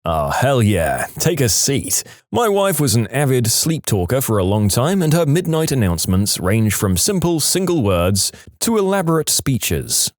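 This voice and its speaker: A man narrating reader-submitted stories in a scripted, expressive way, acting out the quoted lines with changing voices. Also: mid-range voice, dry recording, studio quality. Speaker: storytime narrator.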